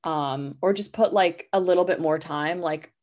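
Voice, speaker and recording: Chatty woman podcaster, slightly low. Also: moderate pace, darkish tone. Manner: rambling, chatty, heavy use of "like" fillers. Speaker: podcast host. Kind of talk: casual storytelling monologue.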